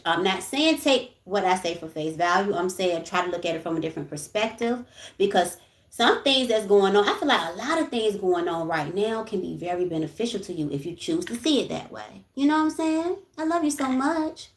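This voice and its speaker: A young woman speaking, hosting a casual livestream. She talks in a frank, chatty way, swears freely and keeps checking in with her listeners. Her voice sits at a middle pitch and rings a little in an echoey room. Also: a bit bright. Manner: chatty, frank, swears freely, keeps saying "you know what I'm saying". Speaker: livestream host.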